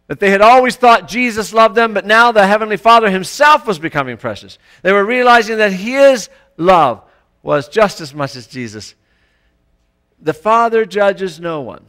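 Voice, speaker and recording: A man's voice: high-pitched, expressive, normal speed, fairly bright tone. A man preaching a sermon in a conversational way, often putting rhetorical questions to the congregation and restarting his sentences with small stammers. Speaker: pastor.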